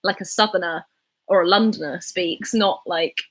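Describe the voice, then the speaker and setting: A woman's voice: lowish voice, moderate pace. A woman in her twenties with a Southern English RP accent, chatting casually on a livestream and reading viewer comments aloud. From England. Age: 20s. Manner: chatty, rambling, reads chat aloud. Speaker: livestreaming YouTuber.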